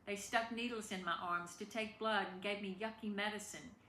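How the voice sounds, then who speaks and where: A woman's voice: medium pitch, fairly even intonation, normal speed, sharp tone. A woman reading a family memoir aloud in a tender, emotional way. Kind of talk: reading a personal story aloud. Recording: echoey room with faint background noise.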